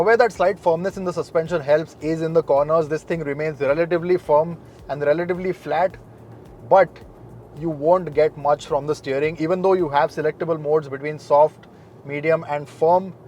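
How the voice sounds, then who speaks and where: A young man presenting a car review in a measured, matter-of-fact way. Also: fairly high pitch, steady tone, darkish tone, a little hiss or hum.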